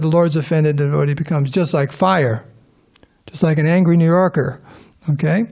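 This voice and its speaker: Middle-aged guy giving a temple class, kinda high voice, rambles and restarts a lot, keeps asking the audience stuff. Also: darkish tone. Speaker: scripture class speaker. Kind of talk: informal scripture class talk. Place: temple hall before a live audience.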